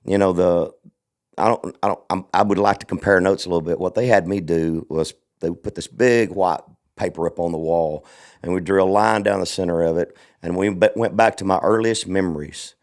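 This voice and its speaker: A male host talks earnestly in a casual conversation, often restarting his sentences as he reflects. His voice sits very low. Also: fairly even intonation, a little fast. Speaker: show host.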